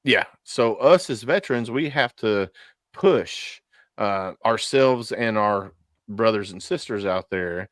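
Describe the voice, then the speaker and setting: Man in his forties, low voice, halting, fillers, dry close sound. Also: animated, no room sound. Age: 40s. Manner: halting, repeats words, many fillers. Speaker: guest veteran. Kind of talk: casual interview talk.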